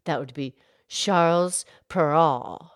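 This co-host of a kids' podcast is a woman playing a gentle, wise cartoon cow. Her voice is lowish and unhurried, and she explains things slowly and patiently, teacher-style. Recorded close and dry with no room sound, the clip has an explaining mood.

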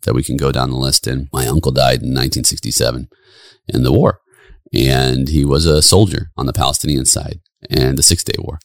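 Deep-voiced earnest male podcaster. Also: level tone, a little fast, no echo, clean studio sound. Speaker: podcast host. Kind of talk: solo podcast talk.

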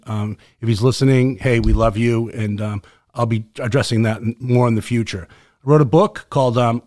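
A man with a Boston accent hosting a casual podcast, talking fast and passionately, with many fillers and restarts. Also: mid-range voice, darkish tone, dry recording, studio quality. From Boston area. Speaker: host.

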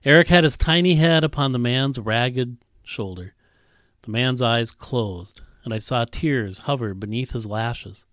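A male pastor preaching, reading a story aloud and voicing its characters, earnest and dropping to a soft hush at tender moments. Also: measured pace, no echo, studio quality. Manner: reads a story aloud, voicing characters with big pitch jumps. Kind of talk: sermon with read-aloud story.

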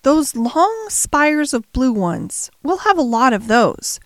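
A woman's voice: high voice, sing-song, takes it slowly, no room sound, voice pushed up, full character voice. A woman voicing a spoiled, commanding young boy in an audiobook reading. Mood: imperious. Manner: commanding, grand.

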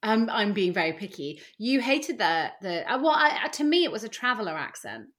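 A woman's voice: mid-range voice, very animated, a little fast, fairly bright tone. A woman co-hosting a podcast in casual chat, chatty and self-deprecating. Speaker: podcast co-host.

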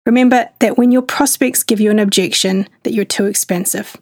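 A woman hosting a business podcast, telling a scripted story in a polished, even manner. Her voice sits at a middle pitch. It is recorded close and dry, with no echo. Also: a little fast. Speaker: podcast host.

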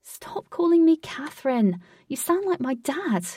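Cheeky, impatient party girl, pitched up and louder, as a woman reads her. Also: sing-song, normal speed, breathy edge, dry recording, recorded from a distance, exaggerated voice. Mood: bratty. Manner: bratty, impatient, giggly. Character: cheeky young party-loving woman Katy.

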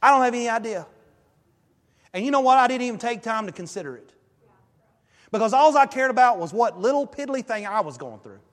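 A male pastor preaching a sermon and telling a story in a lively, emphatic way. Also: extremely high pitch, brisk, in a large hall. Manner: animated storytelling, emphatic rises. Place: church sanctuary.

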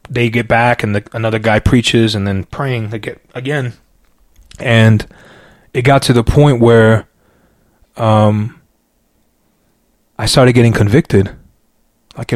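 A man telling his personal faith testimony as a podcast guest, in an animated, storytelling way with many fillers, and by his own account a loud talker. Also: medium pitch, takes it slowly, long pauses, no echo. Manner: self-described loud talker.

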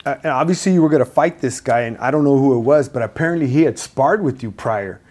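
A man with a mid-pitched voice hosts a relaxed interview podcast. He speaks eagerly, backing his guest up like a fan and keeping the tone easy. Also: fast. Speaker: podcast host. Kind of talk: casual interview chat.

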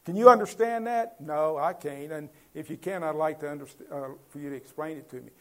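A man's voice: on the high side, level tone, brisk. A man preaching a Bible-teaching sermon in a conversational way, asking his listeners questions and building to emphatic points.

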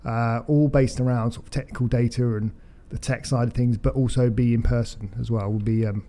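Man, podcast co-host, hesitant, trailing off, warm mellow voice. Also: mid-range voice, steady tone, fairly quick. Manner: hesitant, trails off mid-sentence. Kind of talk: casual chat.

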